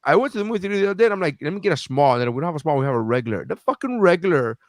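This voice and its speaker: A man chatting on a podcast, mid-pitched and loose. He tells stories with plenty of swearing and springs into sharply higher voices whenever he quotes someone. The sound is dry and close to the mic. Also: racing, no echo. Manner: animated storyteller, acts out quotes with big pitch jumps, swears freely. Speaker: podcast co-host. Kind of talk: casual chat.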